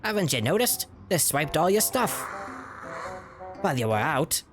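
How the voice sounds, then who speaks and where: A man voicing a friendly, scrappy male Mogma treasure hunter from a video game, streetwise and chummy, reading the dialogue aloud with a lively lilt. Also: fairly high pitch, moderate pace, over music, voice pushed up. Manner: chummy, streetwise, calls everyone pal.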